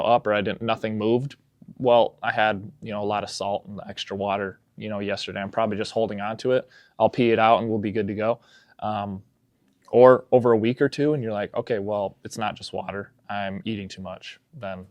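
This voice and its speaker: A young man coaching on fitness in casual podcast chat, telling stories with animated energy and getting loud when excited. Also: lowish voice, dry recording.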